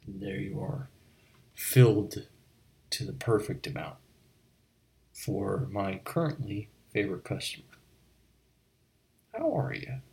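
A man in a whispered role-play, playing a chatty, rambling late-night bartender who stammers and speaks softly. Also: on the low side, expressive, slow, vocal fry, pauses often, exaggerated voice, poor audio. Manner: rambling, stammering, soft-spoken.

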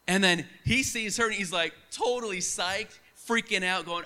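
A young man preaching a sermon, telling stories in an animated, conversational way. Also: high-pitched, moderate pace, few pauses.

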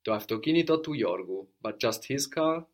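A man's voice: mid-range voice, animated, a little fast. A man teaching a one-on-one language lesson, explaining patiently, then prompting the student and repeating the answers.

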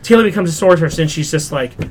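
A young man hosting a casual pop culture review podcast, recapping a show in an animated, exasperated way, full of "like" and swearing. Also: on the high side, fast talker, a little hiss or hum. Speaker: podcast host.

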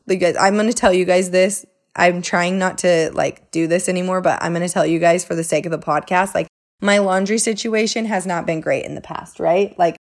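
A woman talks through her own podcast in a relaxed, chatty monologue. Her voice sits a little low, and she speaks earnestly, peppering her sentences with "like" and "right?". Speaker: podcast host. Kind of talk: casual solo podcast monologue.

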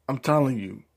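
A man's voice: medium pitch, vocal fry. A man giving a casual, profane rant as a YouTube commentator, heavy on slang. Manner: profane, animated ranting with slang.

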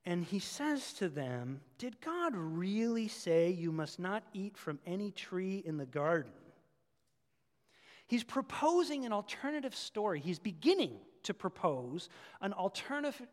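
A man preaching a sermon as a pastor, animated and acting out little voices for parents and children. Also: sits high. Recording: long hall reverb.

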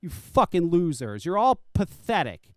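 A man's voice: high-pitched, sing-song, a little slow, no echo. Profane ranting male podcast host. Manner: profane, heated and shouting. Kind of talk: angry rant.

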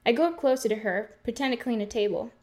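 A woman's voice: a little high, fast talker, darkish tone, close to an everyday voice. A woman voicing a blunt, bored waitress on the graveyard shift, answering in a sarcastic, unbothered way. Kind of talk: game voice acting.

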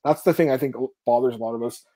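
Fast-talking man hosting a podcast. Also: mid-range voice, warm tone. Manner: quick, conversational, runs through fight results. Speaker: podcast host. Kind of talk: casual chat.

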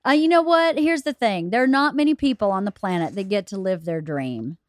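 A woman co-hosting a casual podcast, warm and teasing, laughing often. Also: mid-range voice, lively intonation, a little fast, no echo. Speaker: podcast co-host.

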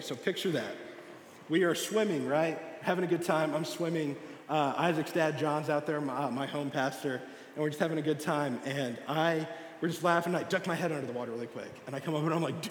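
A man's voice: a little high, slight background noise. A young man giving a sermon to a church group, telling a personal story and acting out the dialogue. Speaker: youth speaker. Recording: echoey hall with long reverb.

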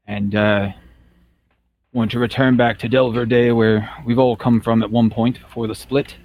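A man's voice: medium pitch, level tone, a little slow, a little mellow, close to an everyday voice. A man voicing an aging, white-bearded male dwarf mercenary who speaks politely and hesitantly. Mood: weary.

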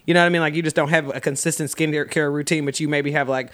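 A man co-hosting a podcast in a casual chat, animated and rambling, with quick asides. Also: on the high side. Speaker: podcast co-host.

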